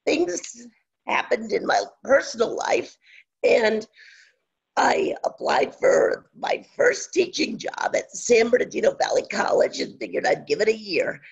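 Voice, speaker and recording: An older instructor in their sixties presents a webinar in a gravelly, badly husky voice that breaks and strains. The delivery is slow and halting, with frequent pauses and fillers. The audio is dull and lo-fi. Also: medium pitch, huge pitch swings. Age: 60s. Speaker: online instructor.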